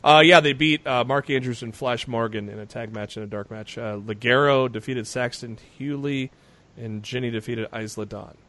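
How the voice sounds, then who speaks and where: Male podcast co-host, casual recap, middle pitch, loose rambling delivery full of uhs and restarts. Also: moderate pace, fairly bright tone. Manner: rambling with frequent fillers and restarts.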